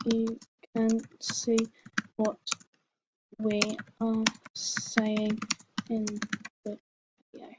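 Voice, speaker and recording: Giggly English girl, slow and muffled. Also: fairly high pitch, completely flat delivery, heavy background noise. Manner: giggly, hesitant, full of ums. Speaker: video host. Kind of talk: casual chat on a call. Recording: lo-fi muffled recording.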